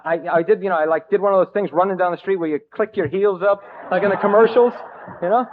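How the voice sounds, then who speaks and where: A man from New Jersey telling his own recovery story to a meeting, halting and self-mocking, with jokes between restarts. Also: high-pitched. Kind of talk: personal recovery story told to a crowd. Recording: thin, phone-like old tape.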